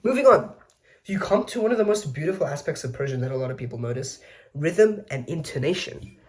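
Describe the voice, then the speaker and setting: A man's voice: fairly high pitch, lively intonation, brisk, a little mellow. A man giving a casual educational explainer, with chatty, self-mocking asides and frequent mid-sentence corrections. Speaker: video essay host.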